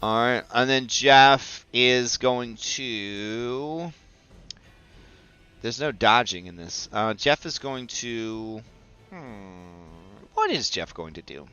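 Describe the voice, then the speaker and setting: A man playing a tabletop game, chatty and excitable while taking his turn. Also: mid-range voice, takes it slowly, smooth, dull audio, soft background music. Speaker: player.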